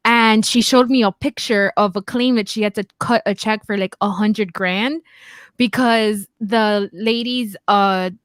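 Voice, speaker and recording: A woman's voice: medium pitch, fairly even intonation, a little slow, no echo. A woman co-hosting a podcast, telling anecdotes casually and laughing often. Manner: giggly storyteller, quotes people. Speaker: podcast co-host. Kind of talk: casual chat.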